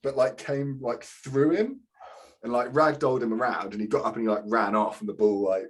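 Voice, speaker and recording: A man chats loosely on a podcast, rambling through anecdotes with plenty of swearing. His voice sits at an ordinary middle pitch. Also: fairly even intonation, fairly quick. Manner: swearing, storytelling, laughs often. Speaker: podcast co-host. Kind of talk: casual chat.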